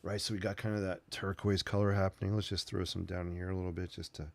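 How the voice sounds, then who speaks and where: A man with a deep, gravelly voice hosts a relaxed art livestream. He rambles easily while painting and chats with the people watching. His speech is loose and unhurried. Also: no echo. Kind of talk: casual sketching livestream chat.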